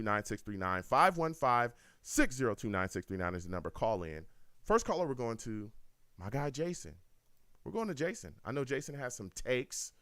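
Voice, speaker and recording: A man's voice: on the low side, no room sound, clean studio sound. A man hosting a live call-in sports talk stream, talking in an emphatic way. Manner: animated, emphatic. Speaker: host.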